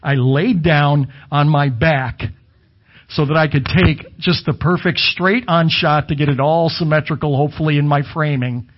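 A man's voice: fairly high pitch, normal speed, highs cut off. A middle-aged man preaching a sermon in a conversational way, with asides and self-corrections. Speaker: pastor. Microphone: camera video with slides behind him.

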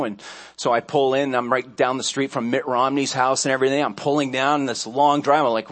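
A man's voice: medium pitch, steady tone, brisk. Man preaching with a conversational storytelling style. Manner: conversational storytelling, with frequent restarts and asides. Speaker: pastor. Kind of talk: sermon.

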